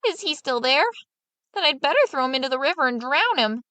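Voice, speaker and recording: A woman's voice: high-pitched, animated, a little fast, sharp tone, no room sound, voice pushed up. A woman voicing a clever, scheming peasant man who talks in a sly, coaxing way, in a storybook reading.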